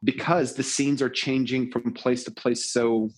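A man's voice: mid-range voice, steady tone, unhurried. A man in casual discussion, talking with animation and acting out lines with emphasis.

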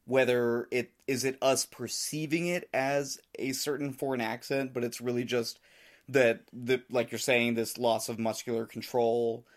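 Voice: mid-range voice, fairly even intonation, measured pace. A co-host talks through an idea in casual conversation, thinking aloud as they go. The delivery is hesitant and full of false starts. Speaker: podcast co-host.

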